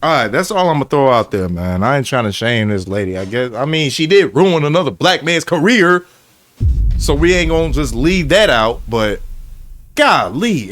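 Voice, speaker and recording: A man hosting a reaction video, talking in a heated, slangy, excitable way. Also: on the high side, normal speed. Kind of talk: casual reaction commentary.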